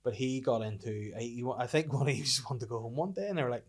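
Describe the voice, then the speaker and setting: A man's voice: medium pitch, fast talker, hardly any pauses. A young man with a Northern Irish accent hosting a podcast, telling stories in casual chat with plenty of swearing. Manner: swearing, animated storytelling. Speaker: podcast host.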